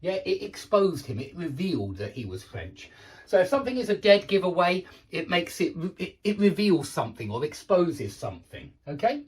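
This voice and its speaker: A man teaching English vocabulary in a relaxed, explanatory way, repeating and rephrasing each point with small fillers. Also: high-pitched, normal speed. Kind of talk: casual explanatory vocabulary lesson.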